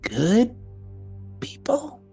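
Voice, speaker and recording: A woman's voice: fairly high pitch, huge pitch swings, drawn-out words, mellow, faint music behind. A woman playing a tabletop game with friends, chatty and full of questions. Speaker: player. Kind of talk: casual tabletop game chat.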